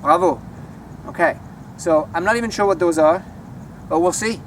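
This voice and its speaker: A man walking through a home vegetable garden outdoors, naming plants and teaching their French words in a relaxed, chatty way. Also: on the high side, moderate pace, slight background noise. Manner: relaxed, chatty, easily enthused. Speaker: language teacher giving a garden tour.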